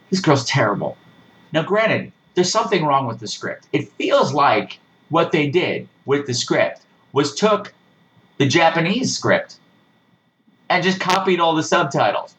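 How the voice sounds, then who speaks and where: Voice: medium pitch, big pitch swings, measured pace, a bit bright, low-quality recording. A podcast host giving a sarcastic, exasperated rant while reviewing a horror movie, swearing freely. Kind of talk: casual ranting movie review.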